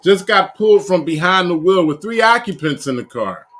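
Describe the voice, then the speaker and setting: A man's voice: high voice, expressive, normal speed, fairly bright tone. A man hosting a live review of police videos, reading a news story aloud and adding blunt, profane jokes. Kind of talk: casual live video commentary.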